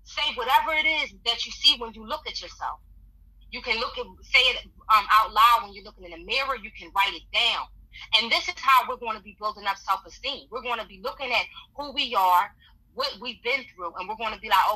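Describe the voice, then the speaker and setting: A woman with a strikingly bright, forceful voice gives motivational advice as a podcast guest. She speaks earnestly and encouragingly, and she returns often to repeated affirmations. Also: fairly high pitch, fairly quick, rough recording.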